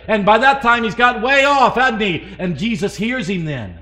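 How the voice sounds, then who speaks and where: Male preacher, high tenor, bright edge; dynamic sermon delivery with questions to the room. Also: lively intonation, unhurried. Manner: dynamic, swinging between loud emphasis and hushed asides; asks the congregation questions.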